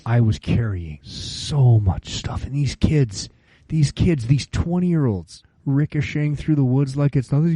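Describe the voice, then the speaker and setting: A man in his late forties chatting casually on a podcast, telling stories and acting out quotes in higher voices. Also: a little slow, warm tone, dry recording. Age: 40s. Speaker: podcast co-host. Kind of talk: casual chat.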